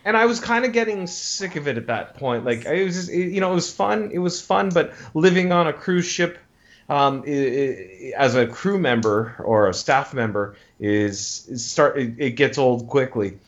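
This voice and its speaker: A man's voice: medium pitch, lively intonation, moderate pace. Rambling man telling a story, dull recording. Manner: rambling, many restarts, acts out quoted voices. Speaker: interview guest. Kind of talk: casual interview chat.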